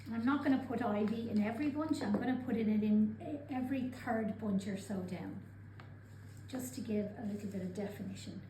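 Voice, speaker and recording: A woman calmly talking through each step of a craft demonstration as she works with her hands. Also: mid-range voice, fairly quick. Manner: calm, methodical, narrating her own actions. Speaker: craft instructor. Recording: roomy sound with clear background ambience.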